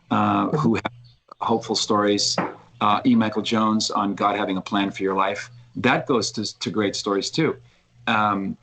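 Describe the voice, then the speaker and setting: Male podcast guest, lowish voice, animated storyteller who restarts his sentences. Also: poor audio. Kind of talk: casual conversation.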